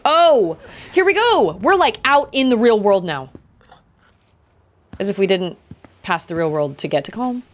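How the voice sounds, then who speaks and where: A woman's voice: mid-range voice, big pitch swings, unhurried, pauses often. A young woman streaming a video game, chatting and reacting aloud as she reads the game text, with game music behind. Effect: occasional robot voice filter. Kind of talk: casual live gameplay commentary.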